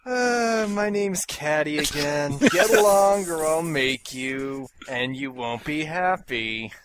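A man's voice: a little high, takes it slowly, a bit bright. A man voicing a grumpy, sleepy man who issues weary threats. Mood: irritated. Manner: weary, menacing.

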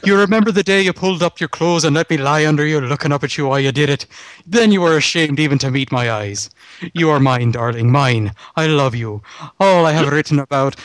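A man reading a love letter aloud slowly and earnestly for a comedy podcast. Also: on the high side, dry recording.

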